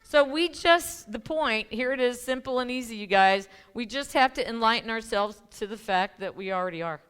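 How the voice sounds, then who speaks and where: Chatty woman minister with a smooth voice. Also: a little high, moderate pace, fairly bright tone. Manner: chatty, laughing asides, many restarts and ums. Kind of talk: casual conversational sermon. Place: church sanctuary.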